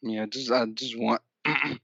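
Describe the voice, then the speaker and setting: A man's voice: mid-range voice, fairly even intonation, a little slow, creaky, sharp tone, husky, no room sound, highs cut off. A man co-hosting a small podcast, talking hesitantly with stumbling restarts and the odd swear word. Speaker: podcast co-host. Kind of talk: casual podcast chat.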